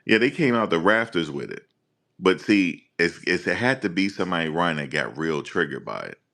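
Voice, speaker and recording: A man hosting a live stream, talking casually and teasing his viewers in an animated rant. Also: low-pitched.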